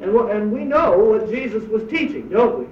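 A man's voice: sits high, sing-song, normal speed, slight background noise. A man giving a sermon as a pastor, preaching emphatically with rhetorical questions. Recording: echoey distant dull church recording.

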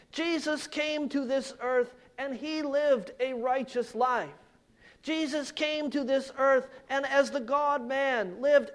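Pastor guy preaching slow, real high voice, builds up loud then drops quiet. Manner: slow, emphatic preaching with dramatic swells and drops. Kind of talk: sermon.

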